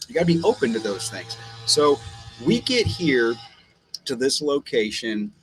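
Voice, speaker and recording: A man talks in a loose, rambling way, often tripping over and repeating his words as he tells his stories. His voice sits at an ordinary middle pitch. A clear hiss of noise runs under the recording. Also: big pitch swings, measured pace, a bit bright, poor audio. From Texas. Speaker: guest. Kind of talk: casual conversation.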